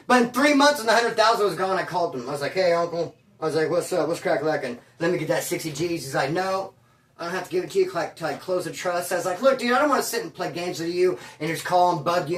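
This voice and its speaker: A man casually telling a long story in slangy, animated speech, acting out what others said. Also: high voice, reverberant, recorded from a distance. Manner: animated, slangy, acts out quotes. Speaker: guest telling his story.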